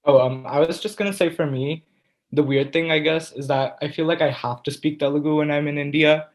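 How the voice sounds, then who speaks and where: A man's voice: on the high side, steady tone, fairly quick. A young man from the United States co-hosting a podcast, chatting casually and often restarting his sentences. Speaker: podcast co-host. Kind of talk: casual chat.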